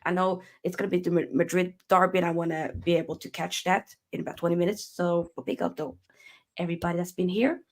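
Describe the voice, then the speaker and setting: A woman's voice: lowish voice, fast. A woman hosting a live football reaction stream, chatting in an upbeat, teasing way with her guests. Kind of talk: live match reaction chat.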